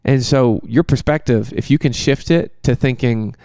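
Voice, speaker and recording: A man, a pastor, answering a question in casual, conversational Q&A talk, animated and joking at times. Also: mid-range voice, moderate pace, no echo, studio quality.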